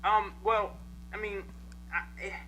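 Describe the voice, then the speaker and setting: A man's voice: high-pitched, flat delivery, unhurried, sharp tone, low-quality recording. A tired man in a casual boxing chat, hesitant and full of fillers.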